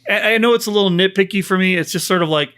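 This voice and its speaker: Male podcast co-host, higher-pitched, sarcastic joker who swears freely in casual film chat. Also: rapid-fire, a bit bright, smooth.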